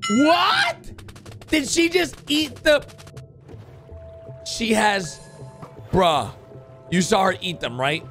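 An excitable man reacting to animated game clips, his fairly high voice swinging widely as he cheers and blurts out comments. Loud background music and clip audio play under him throughout. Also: slow pace, pauses often. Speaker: reaction video host.

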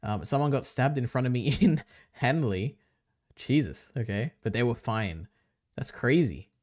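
A laid-back man hosting a stream, chatting casually. He laughs often and lets sentences trail off. His voice sits in a middling pitch. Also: lively intonation, unhurried, a little mellow, no room sound, studio quality. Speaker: streamer host.

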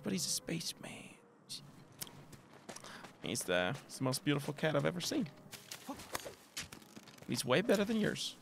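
A man streaming a game, talking to viewers in an excitable way, shrieking and swearing at surprises and cooing at cute creatures. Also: on the high side, a little slow, gravelly, long pauses, slight background noise. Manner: coos affectionately at game creatures. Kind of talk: live gameplay commentary. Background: game music.

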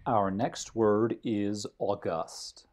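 A man giving a vocabulary lesson while walking outdoors on a hiking trail, in a measured way, defining each word and then restating his example. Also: on the low side, steady tone, darkish tone. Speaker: vocabulary teacher.

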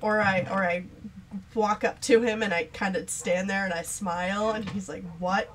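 A woman's voice: medium pitch, steady tone, moderate pace, a bit bright, slight background noise. A young woman hosting a gameplay video, chatting casually and rambling with frequent giggles. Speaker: let's play host.

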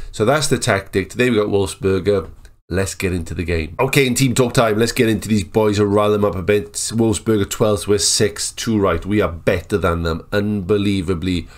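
A man giving casual, excitable commentary over a football management game, chatting and joking as the match plays. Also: low voice. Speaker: gaming YouTuber. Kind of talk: casual Let's Play commentary.

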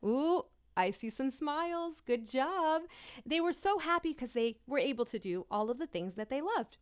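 A woman's voice: fairly high pitch, clear, resonant tone. A woman hosting an interactive children's holiday show over a video call, bubbly and encouraging, calling out children by name. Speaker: children's musician and host.

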